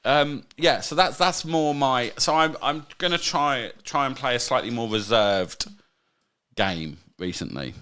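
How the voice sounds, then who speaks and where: A man's voice: mid-range voice, expressive, unhurried, pushed and bright, clean tone. A man co-hosting a casual podcast, teasing his co-host in playful banter.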